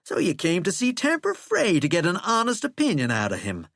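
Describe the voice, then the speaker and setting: A man's voice: high voice, wildly swooping pitch, fairly quick, gravelly, a bit bright, no room sound, studio quality, pitched above the performer's own voice, heavily acted. A man voicing a shackled, cursed man who is wry, sardonic and coaxing, with a folksy way of talking.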